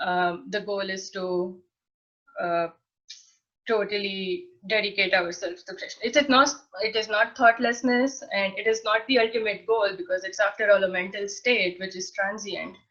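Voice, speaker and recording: Woman yoga teacher, calm and measured, explaining theory; dull lo-fi call audio. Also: mid-range voice. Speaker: yoga instructor. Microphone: video call. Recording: muffled lo-fi video call audio.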